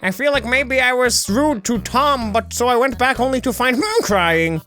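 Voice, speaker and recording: A man voicing Skeletor, a skull-faced male cartoon villain sorcerer, reading in a flat, hammy way. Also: very high-pitched, moderate pace, soft background music, pitched above the performer's own voice. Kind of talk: comedic reading of fan fiction.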